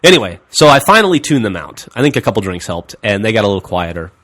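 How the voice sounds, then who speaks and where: Low-voiced man telling a rambling story. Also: fast, slight background noise. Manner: rambling, deadpan, drops low and quiet for quoted lines. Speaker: podcast host. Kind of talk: casual storytelling chat.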